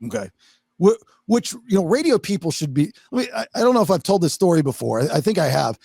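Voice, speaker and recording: Male podcast host, rough gravelly tone, very animated storyteller. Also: sits high, fast, no room sound, clean studio sound. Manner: animated storytelling, swearing, acts out quotes. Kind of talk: casual podcast chat.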